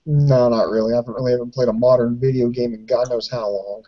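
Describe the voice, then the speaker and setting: Quick, low-key male co-host with a mellow tone, lo-fi sound. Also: steady tone. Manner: brief, low-key replies. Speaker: podcast co-host. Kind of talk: casual podcast chat. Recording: dull lo-fi podcast audio.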